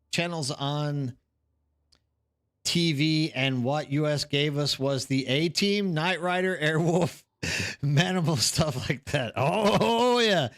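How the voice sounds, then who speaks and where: A man's voice: fairly high pitch, fairly bright tone, clear, resonant tone. A man chatting casually on a live stream while gaming, rambling and reacting to chat. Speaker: streamer hosting a watch party.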